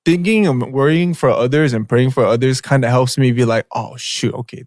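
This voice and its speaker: A man's voice: mid-range voice, a little fast, darkish tone, no echo. Young guy chatting on a podcast, chill and slangy, dry close sound. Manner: laid-back slangy storytelling, lots of "like" and "bro". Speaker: podcast co-host. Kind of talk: casual storytelling chat.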